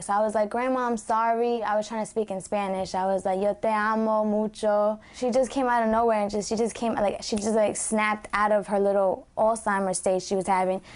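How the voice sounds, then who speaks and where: A woman's voice: mid-range voice, darkish tone. A woman speaking casually about her grandmother in a documentary interview, peppering her story with "like". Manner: casual, storytelling, lots of 'like'.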